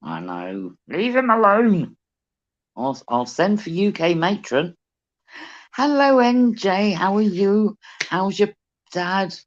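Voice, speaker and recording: A British co-host on a fishing livestream chats cheekily, telling stories and doing the voices of people he quotes. His mid-range voice swings widely in pitch and moves slowly, and the call audio is muffled and lo-fi.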